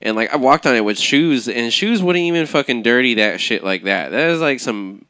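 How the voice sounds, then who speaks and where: A man's voice: mid-range voice, animated, normal speed, sharp tone, clean tone, dry recording, studio quality. A man chatting casually on a podcast, laid-back and slangy, swearing freely. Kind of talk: casual chat.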